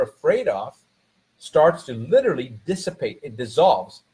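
A man's voice: on the high side, big pitch swings, normal speed, dark tone, poor audio. A man, a father, talking casually about his son and giving motivational advice with many restarts, growing more emphatic as he coaches.

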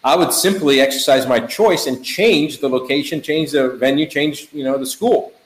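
A middle-aged man, a physician guest, talking in a casual chat in an animated, emphatic way, piling up words in lists. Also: medium pitch, normal speed, roomy sound, rough recording.

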